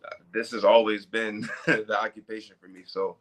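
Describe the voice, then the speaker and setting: A man in his twenties with a fairly low voice talks casually as an interview guest. He is animated and leans hard on certain words to make his point. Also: moderate pace. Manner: animated, stressing words for emphasis. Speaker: professional wrestler guest.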